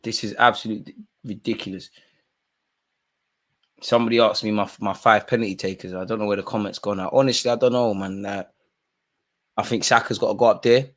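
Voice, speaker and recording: A man's voice: on the low side, fairly even intonation, fairly quick, long pauses, a bit bright. A young man hosting a live football watch-along, ranting at the referee and swearing, full of street slang. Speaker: streamer.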